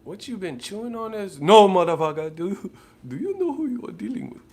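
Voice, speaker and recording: A man doing an impression of an indignant, blustering comedian who talks in a loud, exaggerated way. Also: sits high, sing-song, a little fast, breathy edge, voice pushed up, exaggerated voice.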